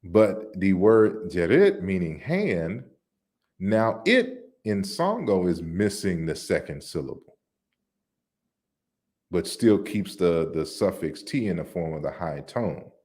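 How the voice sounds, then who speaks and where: A man giving an online lecture on word forms, explaining slides deliberately with frequent restarts. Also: low voice, sing-song, darkish tone. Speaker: lecturer on African languages.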